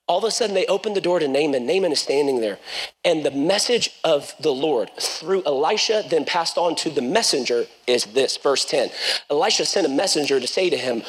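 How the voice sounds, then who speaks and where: Pastor, high voice, fervent sermon delivery that rises to shouting, with jokey asides. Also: male voice, expressive, brisk. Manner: fervent, builds to shouting, then jokes.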